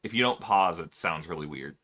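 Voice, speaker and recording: A man's voice: low-pitched, lively intonation, fairly quick, bright, forceful tone. A man streaming live, chatting casually with his viewers, laughing often and musing aloud.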